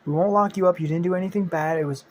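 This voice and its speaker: A man voicing an adult male hero in a fan story, pleading in a raised, rushed voice. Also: high voice, darkish tone, slight background noise, pitched above the performer's own voice, natural voice.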